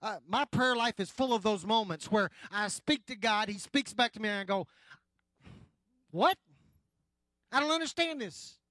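A male pastor preaching a sermon, addressing the congregation directly and swinging from loud emphasis to quiet, slow lines. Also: sits high, no echo.

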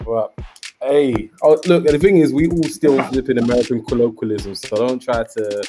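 A man's voice: medium pitch, moderate pace, mellow, soft background music. A man with a British accent hosting a casual basketball podcast, bantering and laughing easily over a video call. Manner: banter-heavy, laughs often. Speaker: podcast host. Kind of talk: casual chat.

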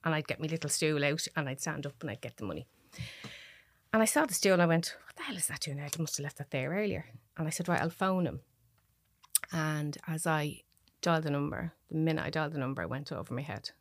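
A middle-aged Irish woman speaks in a low, dry-sounding voice, recounting a personal story as a podcast guest. She talks in halting, emotional bursts with restarts. The recording is close and dry. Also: no echo. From Dublin, Ireland.

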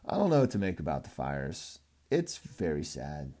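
A man's voice: a bass voice, wildly swooping pitch, moderate pace, mellow. A young man from California rambling through a casual, profane monologue as a podcast host, joking and cursing freely.

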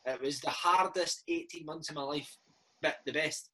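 A Scottish man in his thirties swaps football stories in a relaxed interview, his voice husky and bright. He talks with lively energy and drops "mate" and "man" into nearly every sentence. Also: a little high, moderate pace, rough recording. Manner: lively, animated anecdotes peppered with "mate" and "man". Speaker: former footballer, interview guest. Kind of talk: casual storytelling interview.

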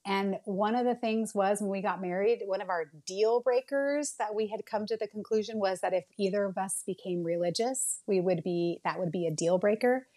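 A woman's voice: medium pitch, normal speed, hardly any pauses, dark tone. A woman in her late thirties, a podcast guest telling a candid personal story in an earnest, emotional way with many fillers and restarts.

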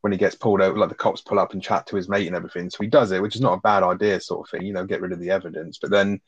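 A man co-hosting a casual film review podcast, blunt and profane with quick asides. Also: deep voice, flat delivery, breathy edge, no echo. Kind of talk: casual sweary film chat. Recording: dry, dull lo-fi sound.

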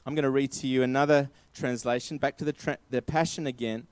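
A man's voice: mid-range voice, steady tone, a little fast, smooth, no room sound. A man preaching a sermon, emphatic and repeating his key phrases.

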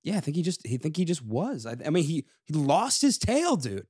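A man's voice: big pitch swings, fairly quick, husky, no room sound, clean studio sound. Joking young man co-hosting a podcast. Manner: joking, goes soft and low when sulking. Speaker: podcast co-host. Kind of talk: casual chat.

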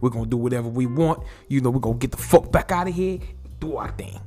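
A man's voice: mid-range voice, quick pace, a little mellow, faint music behind, natural voice. A man doing a casual impression of a streetwise character in a New York accent. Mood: cocky. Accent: New York put-on.

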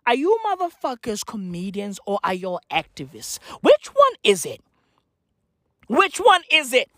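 Woman ranting for laughs, slow and drawn out, keeps repeating herself, dry close sound. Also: high-pitched, fairly bright tone, dry recording. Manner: ranting, repetitive, laughs at own jokes. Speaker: comedian. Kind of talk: profane comic rant.

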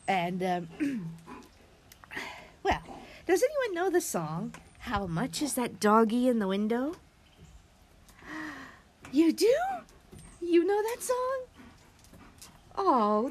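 A woman hosting a children's sing-along lesson, speaking in an animated, sing-song way to young listeners and her dog. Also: a little high, slow, long pauses, a little hiss or hum. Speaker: children's show host.

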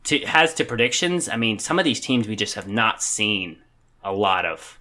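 A man's voice: lowish voice, very animated, moderate pace, pushed and bright. A young man co-hosting a podcast, chatting casually in a rambling, hesitant way with many restarts. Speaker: podcast co-host. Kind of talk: casual chat.

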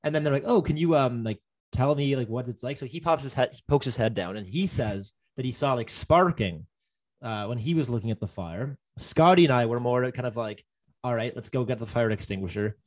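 Young guy, casual storyteller, rambly, filler-heavy, mid-pitched. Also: lively intonation, brisk, a little mellow. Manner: rambling, many fillers and restarts. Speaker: guest telling a story. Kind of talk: casual chat.

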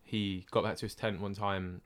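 영국 억양의 낮은 목소리로 잡담하는 남자. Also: male voice, sits low, level tone, normal speed. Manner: rambling, anecdotal, self-correcting. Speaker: podcast co-host. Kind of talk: casual chat.

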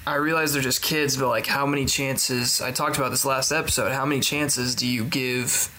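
A man in a casual podcast conversation who speaks at a middle pitch and often hesitates, trailing off and restarting. His humor is dry. A faint noise sits under the recording. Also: fairly even intonation, moderate pace, pushed and bright. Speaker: podcast co-host. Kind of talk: casual chat.

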